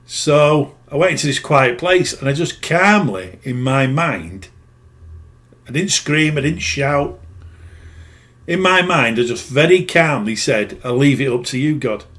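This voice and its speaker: This middle-aged spiritual healer has a fairly high, slightly bright voice and speaks slowly and expressively. He tells a personal story casually, rambling and plain-spoken, often correcting himself.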